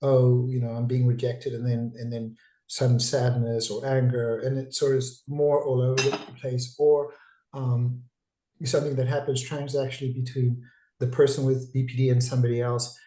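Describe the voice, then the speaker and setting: A man, a psychiatrist, gives a digressive, talkative webinar talk over a video call, with frequent restarts. His mid-range voice is mellow, delivered flatly at a moderate pace. The sound is low quality, in an echoey room.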